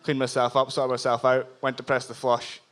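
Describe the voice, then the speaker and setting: A man's voice: mid-range voice, completely flat delivery, a little fast, fairly bright tone. A man from Scotland with a Scottish accent, telling a self-deprecating comic story on stage at a live show in a bar. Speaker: audience member telling a story. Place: live comedy bar venue.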